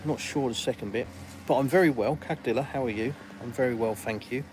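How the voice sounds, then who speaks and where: A man's voice: mid-range voice, fairly quick, a little mellow, slight background noise, poor audio. An English man hosting a casual live stream outdoors in a garden, rambling and colloquial as he reads viewers' comments aloud. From England.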